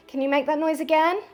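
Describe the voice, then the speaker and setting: A woman with a high voice films herself on a ghost hunt inside an abandoned house. She speaks straight to the spirits, turning jumpy, dropping to a hush and then exclaiming loudly. Faint music plays underneath. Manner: jumpy, swings between hushed and exclaiming. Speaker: paranormal vlogger. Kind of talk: ghost-hunting vlog, talking to spirits. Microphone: small mic on the camera.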